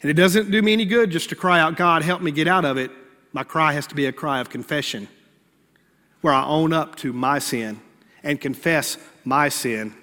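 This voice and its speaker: A man preaches with a high, ringing voice that lifts on key points and sinks to quiet prayer. His sermon carries a long reverb from a church sanctuary, and his tone is bright and forward. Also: moderate pace. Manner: earnest preaching, swinging between raised emphasis and hushed prayerful lines. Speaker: pastor.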